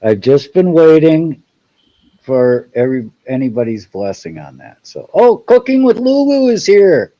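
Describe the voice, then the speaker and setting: Lively-voiced joking stream host man. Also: fairly high pitch, a little slow, lo-fi sound. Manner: jokey, upbeat, greets viewers by name. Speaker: livestream host. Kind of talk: casual chat.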